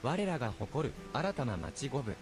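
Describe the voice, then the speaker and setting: A man's voice: mid-range voice, big pitch swings, quick pace, lightly acted. An actor voicing a cheerful male goblin townsman in a Japanese game dub, speaking in short, simple, clipped phrases. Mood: chirpy. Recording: game audio under music.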